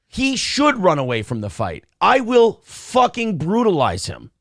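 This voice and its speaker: A brash man co-hosting a morning live stream, his voice sitting a little high for a man. He reads viewer messages aloud and trash-talks rivals with cocky swagger. The sound is dry and close, with no room in it. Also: wildly swooping pitch, a little slow, no echo. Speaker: co-host of a morning show. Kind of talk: casual live-stream banter.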